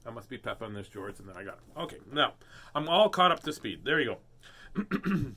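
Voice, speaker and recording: A man's voice: medium pitch, very animated, a little fast, bright, forceful tone, slightly rough. A man hosting a casual live read-aloud of children's books, playful and goofy, often laughing at himself. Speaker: host reading children's books.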